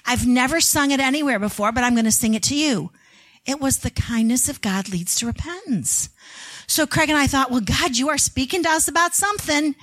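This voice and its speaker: A woman's voice: a little high, fairly bright tone. A middle-aged woman giving an earnest testimony sermon to a women's gathering, telling family stories and leading prayer. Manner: earnest storytelling, voices family members in quotes. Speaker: women's event speaker.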